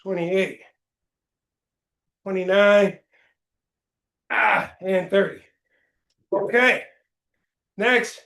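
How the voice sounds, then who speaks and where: High-voiced male coach counting reps slowly. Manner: slow, deliberate counting while exercising, with brief chatty asides. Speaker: fitness coach. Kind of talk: live workout, counting reps aloud. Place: indoor gym studio. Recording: echoey gym room.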